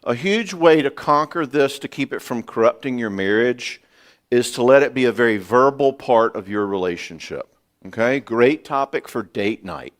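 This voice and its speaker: Animated older man giving a marriage seminar. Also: medium pitch, normal speed. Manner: animated, folksy, acts out dialogue. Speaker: psychologist and speaker.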